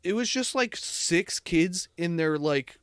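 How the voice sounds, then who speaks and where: A man's voice: high-pitched, animated, takes it slowly, fairly bright tone, smooth, dry recording, studio quality. A young man with a New England accent, hosting a podcast and telling a long story in casual, rambling speech full of "like" and swearing. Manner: rambling, heavy swearing, lots of "like". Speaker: podcast host.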